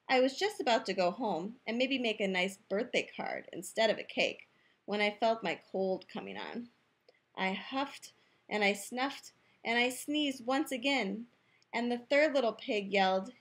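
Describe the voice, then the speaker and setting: Brief: a woman reading a storybook aloud as the wolf, playful and expressive, husky tone with a swooping, lively pitch. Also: measured pace. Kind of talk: reading a picture book aloud, as the wolf in first person. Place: youth room.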